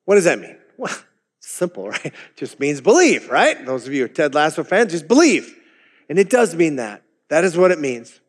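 Male pastor giving a chatty sermon, highish voice, big echoey hall. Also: very animated, moderate pace. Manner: conversational, with chuckling asides.

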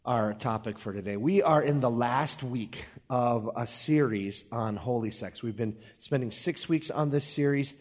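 A man's voice: mid-range voice, a little slow, hardly any pauses, a little mellow, big-room sound. A man preaching a conversational sermon at a church service, with playful asides. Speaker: pastor.

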